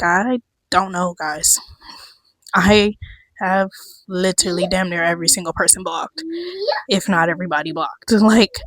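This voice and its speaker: A young woman talks straight to camera in a casual recap, blunt, profane and quick to laugh. Her voice sits low and has gone a little hoarse. The sound is dry and close, with no room around it. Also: no echo. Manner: candid, animated, swears freely, laughs often. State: voice going hoarse. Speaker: vlogger.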